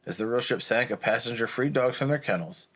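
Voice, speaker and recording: A man's voice: medium pitch, brisk, fairly bright tone. A man co-hosting a podcast, reading out movie trivia in a casual, chatty way. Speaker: podcast co-host.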